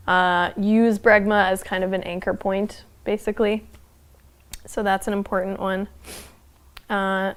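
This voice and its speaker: Casual female instructor, live online class, relaxed chatty delivery with lots of "um"s and laughs. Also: on the high side. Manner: chatty, loose, with frequent fillers and laughs. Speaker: anthropology instructor.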